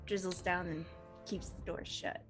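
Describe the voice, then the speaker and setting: A woman playing a tabletop role-playing game, describing her character's actions in an unhurried, chatty way. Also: lowish voice, steady tone, fairly bright tone, faint music behind. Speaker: player.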